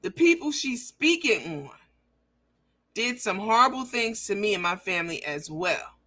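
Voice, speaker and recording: A woman's voice: mid-range voice, sing-song, normal speed, sharp tone. A woman hosting a livestream, reading viewer comments aloud and talking bluntly and profanely in a mocking, emphatic way.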